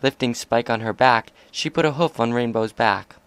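A man narrating a fan fiction story aloud in a steady, even delivery. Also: mid-range voice, moderate pace, hardly any pauses, clean tone, no room sound.

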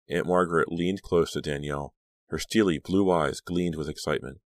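A man narrating an audiobook in an expressive, measured storytelling manner. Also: extremely low pitch, no echo.

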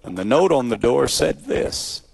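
A man preaching his own testimony in a gravelly, mid-pitched voice, building to loud peaks and then dropping to near-hushed asides. The sound is close and dry, with little room around it. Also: very animated, a little slow, no room sound. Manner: dramatic storyteller, swinging from loud high emphasis to quiet low asides. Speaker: evangelist telling his testimony. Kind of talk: sermon testimony storytelling.

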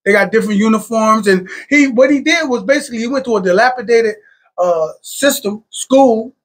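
Man, high voice, podcast host, animated casual talk, lots of fillers. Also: brisk. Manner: animated, enthusiastic, with many fillers.

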